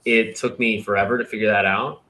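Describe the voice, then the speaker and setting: A young man hosting a livestream, chatting casually and explaining his ideas with lively vocal demonstrations. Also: lowish voice, fairly quick, slight background noise. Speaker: host.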